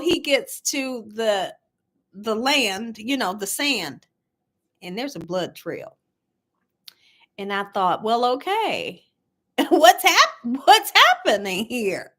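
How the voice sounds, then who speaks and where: High, lively-voiced woman livestream host. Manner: chatty storyteller, laughs often, addresses viewers as y'all. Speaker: cooking channel host. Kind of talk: casual livestream chat, reading viewer comments.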